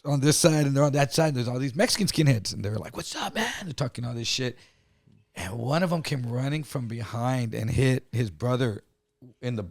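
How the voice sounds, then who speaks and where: Man, podcast storyteller, profane, animated, dry close mic. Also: medium pitch, normal speed, no echo. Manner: animated storyteller, acts out other voices, swears freely. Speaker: podcast co-host. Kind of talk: casual storytelling chat.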